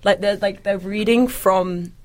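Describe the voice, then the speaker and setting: A young woman hosts a casual student radio chat, talking in a chatty, self-mocking way and laughing easily. Her voice sits at an ordinary middle pitch, with a faint hum of the room behind it. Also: steady tone, measured pace.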